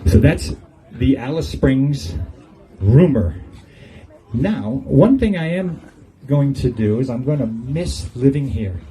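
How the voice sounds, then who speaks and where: A man's voice: mid-range voice, lively intonation, slow pace, dark tone, rough recording. An older man giving a humorous farewell speech on an outdoor patio, telling jokey stories and chuckling at his own punchlines. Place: outdoor golf club patio.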